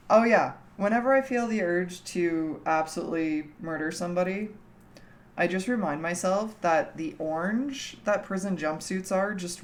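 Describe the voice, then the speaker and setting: Canadian gal streaming from home, kinda low voice, slow and easy, laughs a lot. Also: female voice, a little hiss or hum. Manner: chatty, laughs often, teasing. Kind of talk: casual chat with a livestream chat.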